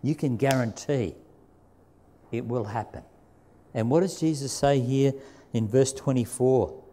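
A man's voice: medium pitch, measured pace, warm tone. A man pastor giving a sermon in church, talking in a conversational way, reading scripture aloud with emphasis and repeating key phrases. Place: church sanctuary.

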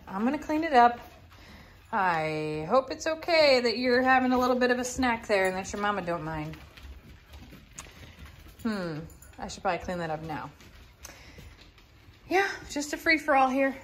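A woman's voice: medium pitch, expressive, moderate pace, pauses often, slight background noise. A woman vlogging at home, talking casually and cooing affectionately to her pets. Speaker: vlogger, pet owner. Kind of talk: casual vlog narration.

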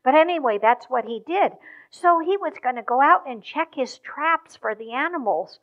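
High-voiced woman telling a story to kids at church, gentle, lots of questions, muffled sound. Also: expressive, moderate pace. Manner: gentle, asks the children questions. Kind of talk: children's story in a church service.

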